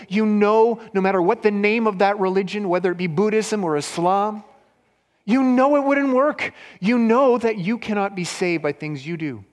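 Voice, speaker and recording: A man preaching a sermon as pastor, earnest and emphatic, swinging between loud stresses and hushed lines. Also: high-pitched, moderate pace, in a large hall.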